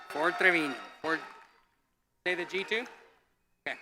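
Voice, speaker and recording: A man at a school commencement who quietly checks how each graduate says their name, then reads it out clearly over a podium microphone, friendly with the students. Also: fairly high pitch, moderate pace, pauses often, dry recording. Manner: friendly and relaxed with students, calling them ma'am, sir, dude. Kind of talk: reading graduates' names at a ceremony.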